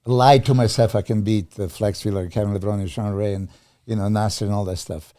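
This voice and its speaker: A middle-aged man guesting on a podcast, pressing his points emphatically with frequent restarts. His voice is low and dark, recorded dry and close. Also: steady tone, fairly quick, dry recording. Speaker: podcast guest, former pro bodybuilder. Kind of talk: casual podcast chat.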